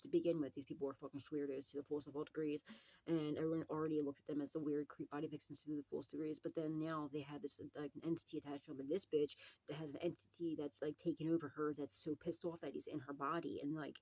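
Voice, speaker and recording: A woman's voice: deep voice, little pitch movement, fast, mellow, husky, rough recording. A woman doing a casual psychic tarot reading, swearing freely, rambling and laughing often.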